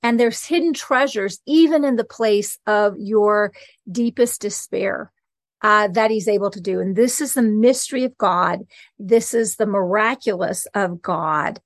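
A woman's voice: medium pitch, no room sound. A woman preaching an earnest, conversational sermon and reading scripture aloud as host of her podcast.

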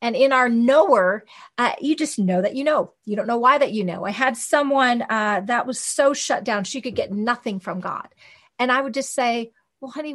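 Woman teaching church stuff, chatty, lots of uh and right, kinda high voice. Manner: animated, conversational, with many fillers and quoted asides. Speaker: Christian teacher on hearing God. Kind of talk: informal teaching talk.

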